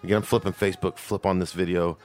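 A man's voice: deep voice, little pitch movement, fast talker, a little mellow, faint music behind. A man hosting a podcast, telling rambling, profane stories with many restarts in casual chat. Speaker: podcast host.

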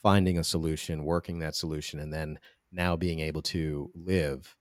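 A man hosting a podcast interview, speaking earnestly in a halting way with many restarts. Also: a bass voice, fairly even intonation, dry recording, clean studio sound. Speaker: podcast host. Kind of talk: conversational interview.

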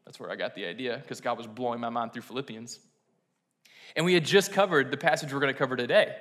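A male pastor preaches in a loose, conversational way, packing his story with fillers and heartfelt asides. His voice is bright and forward, and it rings out with a long reverb in a large hall. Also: mid-range voice. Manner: casual, earnest storytelling with many fillers. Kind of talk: sermon.

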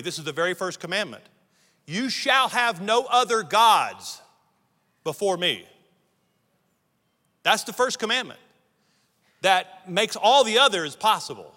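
A middle-aged man from the United States preaches with a high, forceful voice, driving his points home in stacked, repeated phrases. His words ring out with the long reverb of a large church hall. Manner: emphatic preaching, building lists and repeated phrases. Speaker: pastor. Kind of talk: sermon. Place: church sanctuary.

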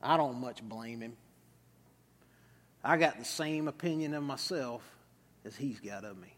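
A man voicing an aging, weary male sheriff with a West Texas accent, in a slow, resigned drawl. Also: mid-range voice, fairly bright tone, pitched below the performer's own voice. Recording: reverberant hall.

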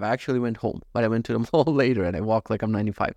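A man's voice: mid-range voice, lively intonation, fast talker, few pauses, dry recording. A young man hosting a solo podcast, rambling through jokey, profane stories. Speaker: podcast host. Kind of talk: casual solo podcast monologue.

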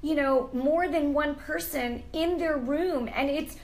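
Fervent, high-voiced woman host. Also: slow pace, poor audio. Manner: fervent, emotional, prays aloud. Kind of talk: Christian interview show.

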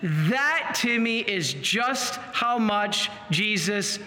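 A man's voice: high voice, lively intonation, extremely slow, in a large hall, background noise, exaggerated voice. A priest voicing an old bishop questioning a boy. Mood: earnest. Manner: patient, probing questions. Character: elderly male bishop, gently questioning a boy.

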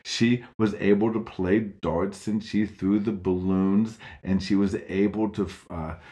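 Low-voiced guy telling a bible story to kids, slow and super expressive. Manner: expressive, dramatic swings in pitch. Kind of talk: children's Bible story narration.

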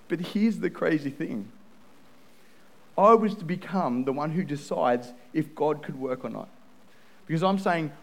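A man preaching a sermon as pastor, telling a personal story in an earnest way with quick restarts. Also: fairly high pitch, expressive, poor audio.

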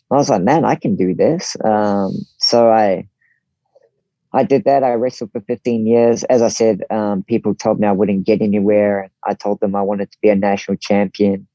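A man in his forties with a New Zealand accent, a podcast guest telling his story in an easygoing, relaxed way and acting out what others said. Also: on the low side, no room sound. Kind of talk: casual storytelling interview. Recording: dull, slightly lo-fi dry sound.

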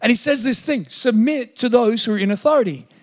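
A man's voice: extremely high pitch, a little fast. A man preaching a sermon as a pastor, conversational and joking now and then.

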